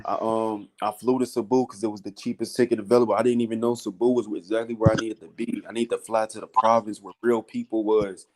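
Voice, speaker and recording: A man's voice: fast, hardly any pauses. A man on a podcast casually telling a story in slang, calling his listeners "bro". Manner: animated storytelling with slang, often acting out high-pitched voices. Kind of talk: casual chat.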